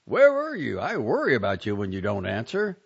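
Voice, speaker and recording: A man's voice: fairly low pitch, big pitch swings, a little fast, creaky, slightly rough, full character voice. A man voicing an old, hard-of-hearing husband who keeps calling out insistently, in a dull lo-fi recording. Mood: reproachful. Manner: calls out loudly and repeatedly, insistent.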